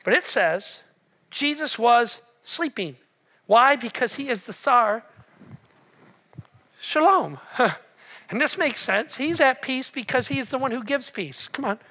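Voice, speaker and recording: A man preaching a sermon, telling the story with animated swings between loud and hushed delivery. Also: very high voice, a little slow. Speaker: pastor.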